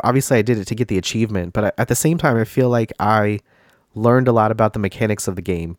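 A man's voice: fairly low pitch, a little mellow, no echo, clean studio sound. A man hosting a casual gaming podcast, stuffy and congested from a cold, rambling with many fillers and restarts. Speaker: podcast host.

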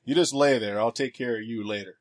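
A man voicing a gruff, nonchalant lawman who brushes off a prisoner with a threat. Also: medium pitch, fast talker, lightly acted. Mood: dismissive. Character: gruff badge-wearing male lawman, nonchalant.

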